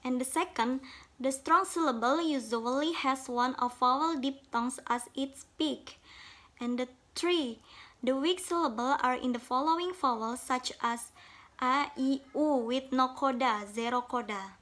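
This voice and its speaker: Her voice sits high and sounds a bit bright as she slowly reads a phonology presentation on syllables. She works carefully from notes, speaking English as a non-native speaker with non-native grammar.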